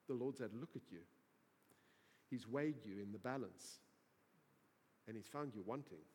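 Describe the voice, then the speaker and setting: A man voicing a calm prophet who bluntly delivers a verdict. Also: lowish voice, moderate pace, husky, voice pushed down. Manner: blunt, plain-spoken. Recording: reverberant hall.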